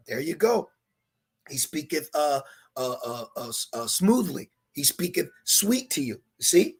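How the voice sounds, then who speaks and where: A man's voice: fairly high pitch, sing-song, a little slow, slightly rough. A man giving an emphatic scripture lesson as a religious teacher, mixing preaching with street slang.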